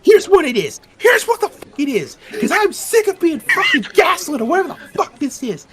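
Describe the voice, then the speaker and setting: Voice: very high voice, very animated, fairly quick, a bit bright, voice pushed up, exaggerated voice. Someone doing a cursing suspect with an accent. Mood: ranting. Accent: put-on accent. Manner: swears constantly, rants. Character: foul-mouthed agitated male suspect. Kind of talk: tabletop role-play.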